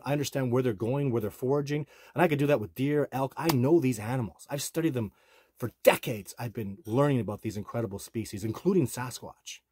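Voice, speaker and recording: A middle-aged man with a husky, slightly breathy voice speaks straight to his viewers. He keeps pressing the same points in a rambling, self-assured monologue. The sound is close and dry, with no room around it. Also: medium pitch, a little mellow, dry recording. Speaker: bigfoot researcher and channel host.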